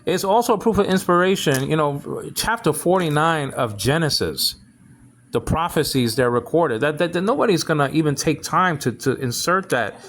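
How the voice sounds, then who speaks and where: A man giving a casual Bible Greek lesson, halting and full of restarts, often checking that listeners follow. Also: fairly high pitch, lively intonation, fairly bright tone, a little hiss or hum. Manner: keeps asking "you understand what I'm saying?".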